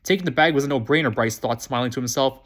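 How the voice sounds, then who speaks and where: A man reading a children's novel aloud, quick and prone to restarting phrases. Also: mid-range voice, fairly bright tone. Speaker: reader.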